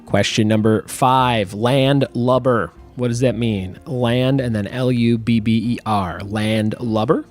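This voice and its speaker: A man hosts a casual trivia podcast in a playful, jokey tone. He stretches out the quiz terms slowly and clearly, then riffs off-script. Faint music sits under his voice. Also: medium pitch, fairly even intonation.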